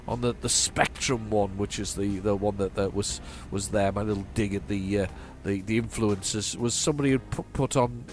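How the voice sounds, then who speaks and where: Rambling northern English man gaming. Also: fairly low pitch. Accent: flat northern English. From northern England. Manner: rambling and chatty, trails off in repeated restarts. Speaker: gaming channel host. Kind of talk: casual let's-play commentary.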